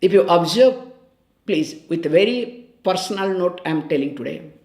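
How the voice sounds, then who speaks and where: A woman's voice: fairly low pitch, expressive, moderate pace, a little mellow, roomy sound. A woman giving a spiritual discourse on scripture in a conversational way, often checking in with her listeners and repeating key phrases. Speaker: spiritual teacher.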